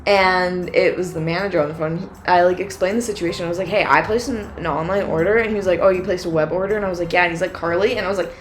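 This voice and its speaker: A woman's voice: on the low side, rapid-fire, few pauses, a little hiss or hum. A young woman co-hosting a podcast, casually telling a long story and acting out each side of the exchange with lots of "like". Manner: animated storyteller, acts out quoted exchanges with many "like"s. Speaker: podcast co-host.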